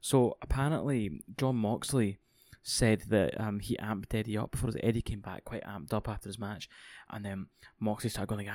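Excitable, rambling male podcast co-host. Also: lowish voice, moderate pace, no echo. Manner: excitable, rambling, heavy swearing. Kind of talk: casual podcast chat.

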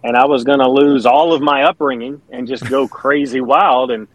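Here the Kentucky country singer and pastor, a middle-aged man, swaps casual stories in an interview, earnest and talkative. He has a mid-range voice with fairly even intonation and a moderate pace; the recording is rough but echo-free.

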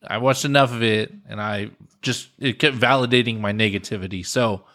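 A man's voice: on the low side, steady tone, fairly quick, a bit bright. A man hosting a film review chat, easygoing, sometimes reading notes aloud.

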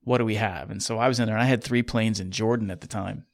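A man's voice: on the low side, steady tone, fast talker, dry recording. A middle-aged man, a military pilot, telling a long anecdote casually, rambling and correcting himself as he goes. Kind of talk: casual storytelling.

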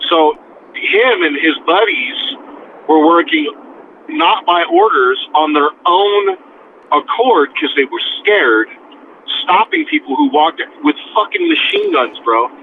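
Young man, casual yarn-spinner, animated and profane, mimics voices; phone-quality audio with light background noise. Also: a little high, slow. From near the US-Mexico border. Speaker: guest telling a story. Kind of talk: casual storytelling chat. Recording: tinny phone-like sound, faint noise.

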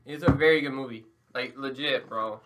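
A man's voice: medium pitch, normal speed. An American man chatting and laughing with friends at lunch, slangy and loose, full of "bro" and "like". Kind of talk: casual chat. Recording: noisy casual recording with clicks.

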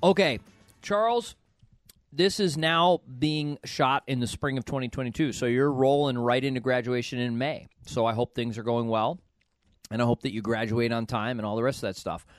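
A man hosting a podcast, giving emphatic, animated career advice to a student. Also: medium pitch, normal speed, dry recording, clean studio sound, soft background music. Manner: animated, emphatic, repeats words. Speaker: podcast host, financial advisor. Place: US, Kentucky.

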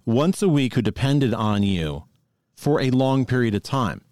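A man in casual conversation, offering thoughtful, measured reflections. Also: medium pitch, lively intonation, a little mellow, no room sound, clean studio sound.

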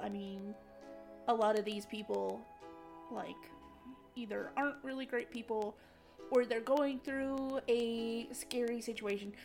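A woman's voice: fairly high pitch, gravelly, darkish tone. A young woman co-hosting a podcast in casual chat, teasing and blunt, swearing freely. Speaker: podcast co-host.

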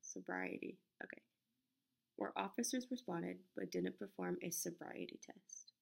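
Woman podcast host, fry in her voice, casual, stumbling, self-correcting, desk mic. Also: fairly low pitch, normal speed, darkish tone. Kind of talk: casual podcast narration with outtakes. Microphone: desk microphone.

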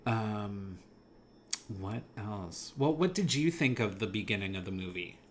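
Male co-host, unhurried and animated, mid pitch, faint ambient hiss; casual movie review chat. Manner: enthusiastic, rambling, laughs often.

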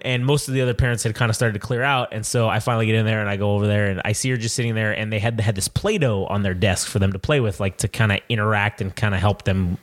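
A man in his thirties, co-hosting a casual chat show, telling a story with lots of swearing and acted-out voices. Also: mid-range voice. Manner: profane, animated storyteller acting out quoted voices. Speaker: podcast co-host.

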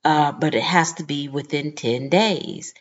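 A woman voicing a patient, polite store manager who calmly explains and accommodates. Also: deep voice, measured pace, muffled recording. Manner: calm, reasonable, accommodating.

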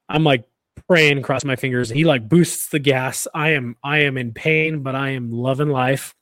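Animated, rambling male podcast storyteller. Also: mid-range voice, moderate pace, no room sound. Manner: animated, rambling storyteller with many restarts and laughs. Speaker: podcast co-host. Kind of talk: casual storytelling chat.

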